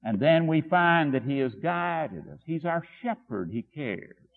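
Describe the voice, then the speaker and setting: A man's voice: fairly high pitch, lively intonation, measured pace, vocal fry. A man preaching a sermon, telling stories and driving his points home by repeating short phrases. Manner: storytelling, emphatic repetition. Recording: tinny phone-like sound with long hall reverb.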